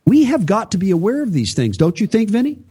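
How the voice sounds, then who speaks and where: A man's voice: high-pitched, very animated, fast talker, dark tone, breathy edge. A man co-hosting a political talk show, lecturing in a preachy way with rhetorical questions. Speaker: podcast co-host.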